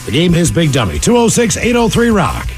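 A man co-hosting a radio show, running a caller game briskly with teasing remarks. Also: on the high side, huge pitch swings, soft background music.

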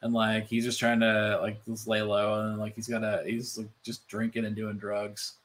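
A man co-hosting a casual podcast chat, animated and loose, full of "like" fillers and swearing. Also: lowish voice, normal speed. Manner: animated, swearing, many "like" fillers, mimics voices. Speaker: podcast co-host.

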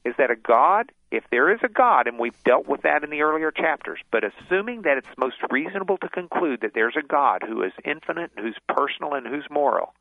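A man's voice: fairly high pitch, expressive, a little fast, gravelly, hardly any pauses, no room sound. A man who is a guest author on a radio interview, explaining his ideas at length with many restarts. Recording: tinny phone line.

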